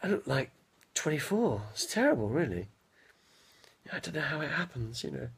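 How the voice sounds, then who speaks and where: A man in his fifties telling rambling stories on a live stream, speaking slowly with a slight stutter and often losing his train of thought. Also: on the high side, sing-song. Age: 50s. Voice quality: gravelly, husky. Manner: slow, halting, loses his train of thought. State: mild stutter after head injury. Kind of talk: rambling casual storytelling.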